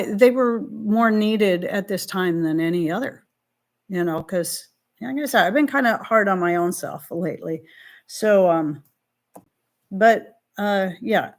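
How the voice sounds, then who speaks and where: Heartfelt woman hosting a live chat. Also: lowish voice. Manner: heartfelt, faith-filled, rambling with restarts. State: emotional, near tears. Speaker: host of a live stream answering viewer questions.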